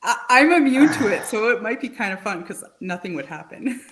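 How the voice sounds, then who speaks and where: A woman in a casual group chat, speaking in a wry, offhand and soft-spoken way. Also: on the high side, expressive, fairly quick.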